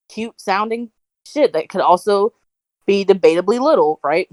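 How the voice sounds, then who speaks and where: A woman's voice: medium pitch, expressive, normal speed, darkish tone, no room sound. A woman co-hosting a casual podcast over a video call, rambling with lots of fillers and laughing often. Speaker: podcast co-host.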